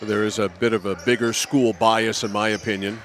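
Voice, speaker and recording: A man's voice: fairly low pitch, steady tone, brisk, a bit bright. A man calling a basketball game play by play, chatty and teasing with his co-commentator. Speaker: play-by-play announcer. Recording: gym noise behind.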